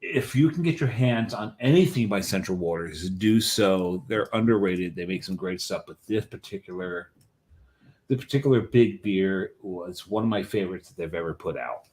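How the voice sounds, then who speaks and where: A man's voice: low-pitched, expressive, normal speed, darkish tone. A man co-hosting a craft beer show, chatting casually and enthusiastically about beers, with emphatic repeats. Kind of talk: casual chat reviewing beers.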